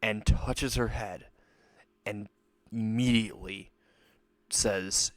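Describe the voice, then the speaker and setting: Slow rambling young man telling a story. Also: fairly low pitch, fairly even intonation, darkish tone, dry recording. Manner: rambling, restarts mid-sentence. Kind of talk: improvised fan-fiction narration.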